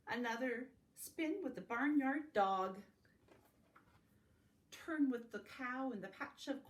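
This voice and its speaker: A woman reading farm-animal picture books aloud to young children in a slow, sing-song storytime manner, adding animal sounds along the way. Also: on the high side. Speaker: family literacy facilitator. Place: home, recorded for an online circle.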